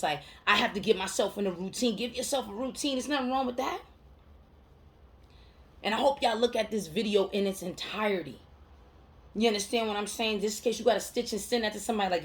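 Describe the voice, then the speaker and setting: A woman's voice: mid-range voice, fairly quick, long pauses, a little hiss or hum. A woman mental health counselor giving a heartfelt motivational monologue to camera, emphatic and slangy, repeating phrases to drive her point home.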